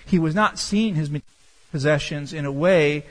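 A man preaching a sermon as pastor, emphatic and slowing down to stress key words. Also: fairly high pitch, big-room sound, rough recording.

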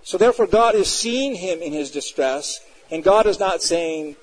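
An earnest man preaching a sermon, his voice sitting a little higher than most men's. He talks reflectively, sometimes slowing down and laughing softly. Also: animated, poor audio. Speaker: pastor.

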